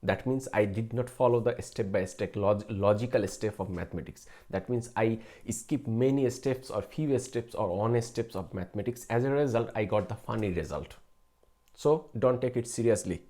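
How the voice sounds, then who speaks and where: This is a young man in his late twenties hosting his own math live stream. He answers viewers casually in a relaxed, dark-toned voice. His speech is hesitant and full of fillers, false starts and little chuckles. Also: on the low side, moderate pace. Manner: hesitant, many fillers and restarts, chuckles often. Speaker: math channel host.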